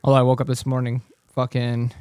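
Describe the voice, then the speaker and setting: A man's voice: medium pitch, monotone, quick pace, a little mellow, clean tone, no echo, studio quality. A man co-hosting a podcast in casual chat, rambling through a story with lots of swearing and laughter. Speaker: podcast co-host.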